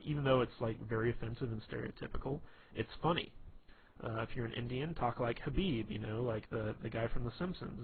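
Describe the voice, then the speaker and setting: Man, mid-pitched, rambling advice vlogger, tinny phone-like sound. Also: vocal fry, a little hiss or hum. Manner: rambling, loose, full of "you know" and restarts. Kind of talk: casual advice monologue.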